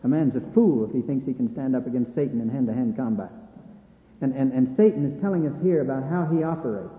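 A man's voice: medium pitch, fast. A man preaching a sermon in a folksy way, acting out the dialogue of the scripture scenes. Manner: folksy, acts out dialogue between God and Satan. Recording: echoey hall on a tinny lo-fi line.

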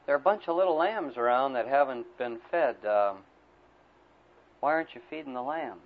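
A man voicing a calm adult male teacher who gently and earnestly questions a friend. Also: medium pitch, normal speed, voice pushed down, natural voice. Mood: gentle, serious. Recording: tinny phone-like recording.

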